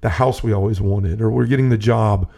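A man's voice: lowish voice, fairly quick, gravelly, dark tone. A man telling a personal faith story in casual conversation, earnest and rambling with many restarts. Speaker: podcast host. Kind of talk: personal testimony in casual talk.

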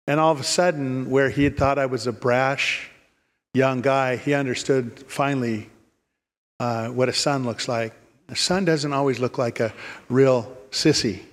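A man in his fifties or older, a pastor preaching a sermon and telling a personal story, often restarting and repeating words. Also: medium pitch. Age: 50s or older. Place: church sanctuary. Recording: reverberant church hall.

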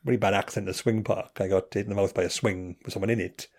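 A man's voice: on the low side, steady tone, fast, a little mellow. A Welsh man in his thirties chatting casually as a podcast co-host, rambling with frequent restarts and chuckles. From Wales. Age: 30s. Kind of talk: casual chat.

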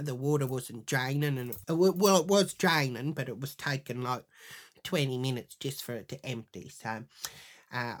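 A woman with a notably low voice tells a comic story for her podcast. She is crude and profane and sounds thoroughly indignant. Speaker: podcast host. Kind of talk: comedic storytelling monologue.

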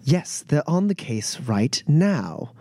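A man's voice: a little high, very animated, slow, dark tone, dry recording, exaggerated voice. A sly, grinning fixer, played by a man who sounds at ease and pleased with himself. He talks in a near-everyday voice. The recording is close and dry. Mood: smug.

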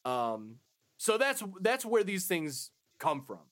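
A man's voice: high voice, big pitch swings, slow pace, a bit bright. Casual young man recapping a film. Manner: swearing, laughing recaps with offhand quoted lines. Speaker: podcast co-host. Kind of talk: casual movie review chat.

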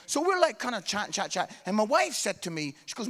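A pastor telling a story in his sermon with animated delivery, breaking into shouts at times. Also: high voice, a little fast.

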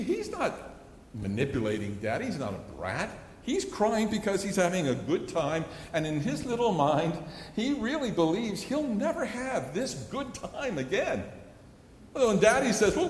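A man's voice: high voice, huge pitch swings, moderate pace, a little hiss or hum. A middle-aged man preaching a sermon, telling stories earnestly and acting out a child's pleading. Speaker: pastor. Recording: echoey hall with long reverb.

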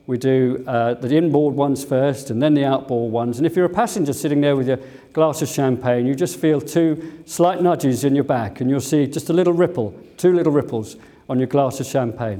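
A man's voice: mid-range voice, warm tone. An older man, a former Concorde pilot, telling chatty stories at a museum talk with easygoing filler words. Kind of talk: anecdotal storytelling talk.

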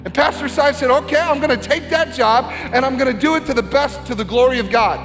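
A middle-aged man preaching a sermon as a pastor, earnest and building to a shouted exhortation. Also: very high voice, a little fast. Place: church sanctuary. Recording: long hall reverb with faint music.

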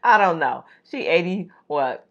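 Low-voiced woman with a lively, swooping delivery. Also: unhurried, lo-fi sound. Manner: expressive, playful, laughs often. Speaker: podcast co-host. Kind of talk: casual chat, imagining the future.

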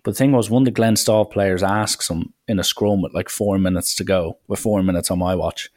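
An Irish podcast host tells stories in a casual, chatty way. His voice sits a little low for a man. He fills his talk with "like" and keeps it loose and animated. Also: a little fast. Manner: chatty, animated, full of "like" and acted quotes. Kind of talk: casual storytelling.

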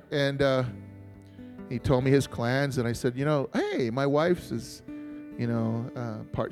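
A man's voice: mid-range voice, creaky, a little mellow. A male pastor from Montana telling a personal story in a sermon, chatty and joking, calling on the congregation to answer. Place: church.

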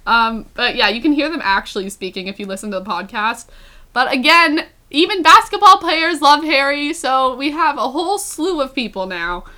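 A young woman hosts a podcast with casual gossip chatter, upbeat and quick to giggle. Her voice is bright and sits a bit high, with plenty of filler words. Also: expressive. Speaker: podcast host. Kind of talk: casual celebrity gossip chat.

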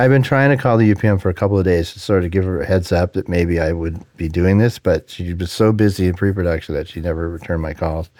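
A middle-aged man, a production sound mixer, telling animated anecdotes about his career in a relaxed interview, laughing often and acting out the dialogue. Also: sits low, no echo, clean studio sound. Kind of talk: conversational career storytelling.

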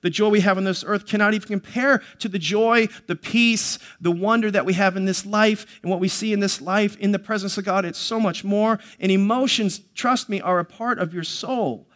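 A man's voice: sits high, fairly even intonation, moderate pace, hardly any pauses, a bit bright. A male pastor preaching a sermon, teaching earnestly with many fillers and restarts and reading scripture aloud.

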